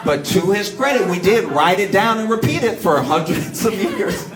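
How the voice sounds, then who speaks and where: Animated high-voiced male stand-up comic. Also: normal speed, hardly any pauses, over a noisy crowd. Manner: animated storytelling with acted-out voices. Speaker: stand-up comedian. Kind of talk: stand-up comedy set. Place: comedy club stage before a laughing audience. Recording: noisy live club recording.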